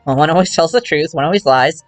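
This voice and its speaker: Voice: mid-range voice, fast, dry recording, soft background music, voice pushed down, lightly acted. A streamer voicing a pair of dimwitted small-time crooks with a slangy tough-guy drawl, reading game dialogue live. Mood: scheming.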